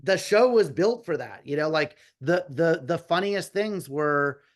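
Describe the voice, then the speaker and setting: A man in his fifties tells stories from his early career in an animated, rambling way, stopping and restarting and acting out what he thought at the time. His voice sits a little high for a man. It is a relaxed, casual conversation. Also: unhurried. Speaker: guest, comedy writer. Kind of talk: casual storytelling interview.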